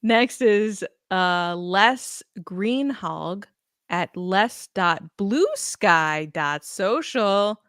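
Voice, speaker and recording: A woman's voice: medium pitch, lively intonation, extremely slow, a bit bright, clean tone, no echo, clean studio sound. A woman co-hosting a podcast in casual chat, reading out listener answers with a teasing, giggly manner. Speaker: podcast co-host.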